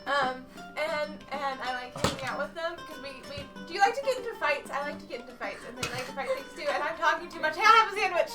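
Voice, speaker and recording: A woman voicing an eager, lonely young woman fighter who chats excitably. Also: high voice, fast talker, hardly any pauses. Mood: excited. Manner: chatty and excitable. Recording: distant mic, loud music.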